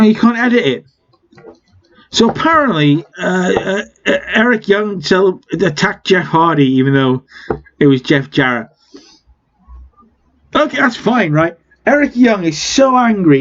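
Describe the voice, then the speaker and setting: A man's voice: sits high, big pitch swings, unhurried, a bit bright, lo-fi sound. A man casually recapping a wrestling management game, chatty with wry asides. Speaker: game let's-player.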